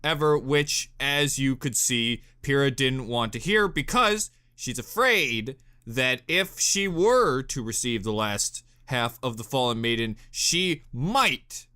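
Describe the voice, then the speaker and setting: A young man hosting a casual reaction video, talking in an animated, giggly way that swings from loud bursts down to mumbles. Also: medium pitch, takes it slowly, hardly any pauses, clear, resonant tone.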